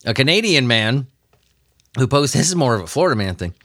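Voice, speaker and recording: A man's voice: medium pitch, sing-song, brisk, fairly bright tone, dry recording, studio quality. A man hosting a comedy news podcast, joking and laughing as he reads and riffs on odd stories. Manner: joking, laughs often, puts on silly voices. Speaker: podcast host.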